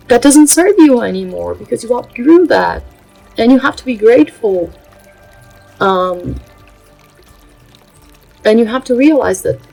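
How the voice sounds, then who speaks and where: Here a spiritual channel host from Brazil, Portuguese being her first language, talks casually in a vlog, earnest but halting and pausing often to fill. Her mid-range voice is creaky and a little mellow, captured in low quality.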